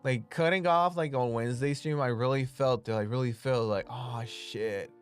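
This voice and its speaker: This streamer has a mid-range voice that is clear and resonant, and talks fairly quickly while drawing live for viewers. The chat is casual, full of laughter, swearing, and "like" as filler, with faint music in the background.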